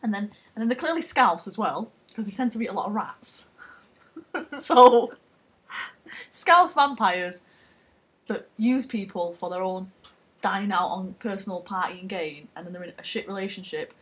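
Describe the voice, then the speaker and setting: A woman's voice: mid-range voice, moderate pace, husky. A young woman, chatting casually and retelling a film plot in a rambling, sweary, giggly way. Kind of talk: casual comedic chat.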